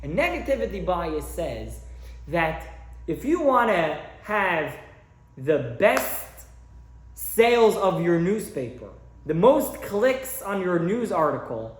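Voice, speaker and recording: A rabbi leads a class, mixing teaching with stories told in character. His pitch is lively and varied, and a roomy echo surrounds his voice. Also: takes it slowly. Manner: warm storyteller who acts out his characters. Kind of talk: lecture with storytelling.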